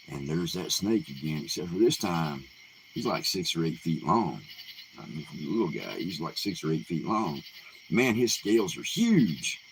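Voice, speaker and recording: A man casually retelling folk tales in an unhurried, folksy way, full of fillers and restarts. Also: low voice, a little hiss or hum, low-quality recording. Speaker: live Q&A host. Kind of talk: casual oral storytelling.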